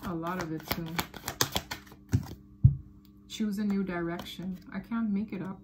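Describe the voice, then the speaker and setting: A woman's voice: fairly low pitch, a little slow, heavy background noise. Rambling woman giving a tarot reading. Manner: animated, rambling, often laughs and repeats phrases. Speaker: tarot reader. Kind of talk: casual tarot reading to camera.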